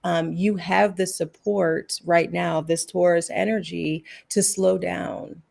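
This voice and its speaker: Woman w/ a low gravelly voice, earnest spiritual pep talk over a call. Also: steady tone, slow, a little mellow. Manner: earnest, reassuring, loose restarts. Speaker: guest healing practitioner.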